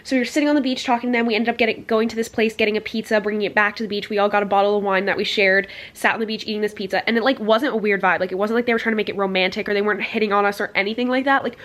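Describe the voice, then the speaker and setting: A young woman in her twenties telling a travel story in a casual vlog, rambling and animated, with lots of "like.". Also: medium pitch, very fast, hardly any pauses. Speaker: vlogger.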